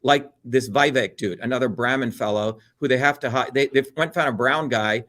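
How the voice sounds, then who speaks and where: A man's voice: mid-range voice, brisk, a bit bright. A middle-aged man from India, talking bluntly and animatedly as an interview guest, swearing freely and mimicking other people. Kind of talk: heated political talk.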